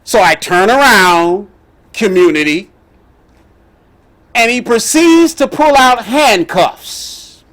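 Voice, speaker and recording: A middle-aged man telling a personal story as the host, animated and emphatic. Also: high-pitched, slow pace, pauses often. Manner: animated, emphatic, with laughs and outbursts.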